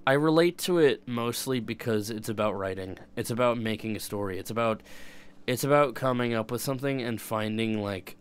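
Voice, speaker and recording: A man's voice: fairly low pitch, clean tone. A young man streaming and chatting casually, rambling and swearing, often breaking off and restarting his sentences. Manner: rambling, profane, self-interrupting. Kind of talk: casual chat.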